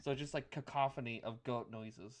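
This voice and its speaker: A man's voice: mid-range voice, fairly even intonation, normal speed. A man narrating a tabletop game as dungeon master, with hesitant, filler-filled descriptions.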